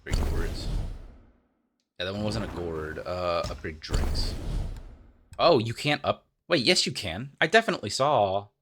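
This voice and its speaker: A man's voice: lowish voice, lively intonation, measured pace, pauses often, noisy background. A man hosting a let's play, talking casually and rambling as he thinks aloud, sounding tired. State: tired, yawning. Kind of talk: casual gameplay commentary.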